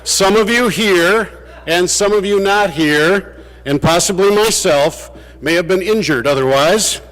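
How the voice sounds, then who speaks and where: A man's voice: high voice, measured pace, fairly bright tone. A man giving a farewell speech to fellow legislators, telling anecdotes with dry humor. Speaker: state legislator. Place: large legislative chamber. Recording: long reverb of a big chamber.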